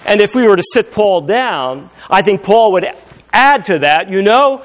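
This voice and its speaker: A man preaching a sermon, moving between loud, emphatic passages and hushed, intimate storytelling. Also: high-pitched, expressive, measured pace.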